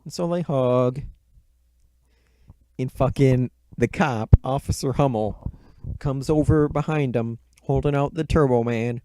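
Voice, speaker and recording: A man reviews a movie by casually retelling the plot in a rambling way, swearing heavily and mocking himself in asides. His mid-range voice is unhurried and mellow, speaking close into the microphone with no echo.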